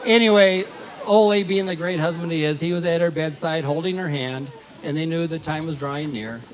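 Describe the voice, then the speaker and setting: A man giving a folksy, halting wedding toast at a reception, telling a joke with many fillers. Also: fairly high pitch, fairly even intonation, poor audio. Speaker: wedding toast speaker, family of the bride.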